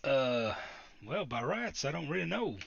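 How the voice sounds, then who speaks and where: Crude cursed adventurer with a strange accent, bright and gravelly, voiced by a man. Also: medium pitch, sing-song, measured pace, muffled recording, heavily acted. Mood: wry.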